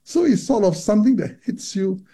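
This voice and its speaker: A male doctor explains carefully in an interview, often restarting and repeating words. His voice is dark and husky with a gravelly edge, pitched a little high for a man. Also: animated, fairly quick. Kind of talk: interview about menopause research.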